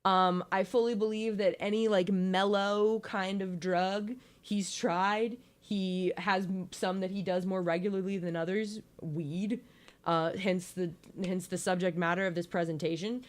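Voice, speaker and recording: A woman's voice: medium pitch, fairly even intonation, measured pace. A young woman giving a casual, joking slideshow presentation, playful and giggly with lots of ums.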